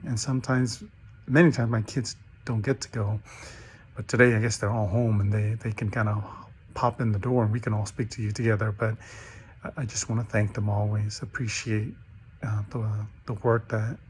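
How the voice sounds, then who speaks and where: A man's voice: lowish voice, a little hiss or hum. A middle-aged man recording a graduation message at home. He tells a parable in a casual way, acts out the characters' quoted lines, and often starts over with fillers and repeated words. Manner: storytelling with animated quoted voices. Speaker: graduation speaker.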